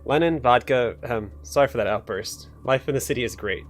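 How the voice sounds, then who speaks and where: A man's voice: mid-range voice, a little fast, soft background music, natural voice. A man voicing a nervous male clerk who has verbal tics and talks in a stammering, apologetic way, in a game.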